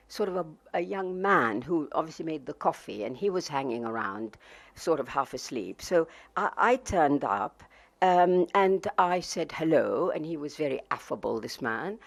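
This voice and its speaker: A woman's voice: lowish voice, gravelly, a little mellow. An older woman from Palestine reading from her memoir in a wry, anecdotal way. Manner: wry, anecdotal, with fillers and laughs. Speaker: author.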